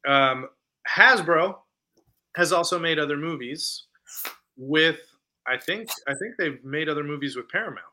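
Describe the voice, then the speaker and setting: Bright-voiced male podcast co-host. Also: on the high side, a little slow, slight background noise. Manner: animated retelling, acts out lines from scenes; conversational with many fillers. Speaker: podcast co-host reviewing films. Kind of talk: casual chat.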